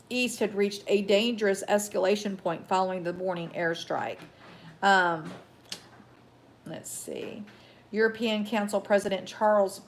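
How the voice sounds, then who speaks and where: A woman hosting a casual live news show, reading headlines haltingly with many ums, chatting to viewers and getting heated about the news. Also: mid-range voice, slight background noise. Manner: reads haltingly with many ums, greets chat viewers, gets heated and worked up. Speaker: host.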